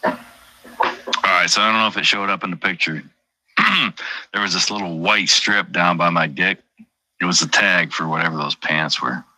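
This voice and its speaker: A man's voice: sits low, moderate pace, long pauses, pushed and bright, no echo, low-quality recording. A truck driver chatting casually on a stream, rambling, swearing constantly and joking as he goes. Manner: profane, rambling, jokey. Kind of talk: casual livestream chat.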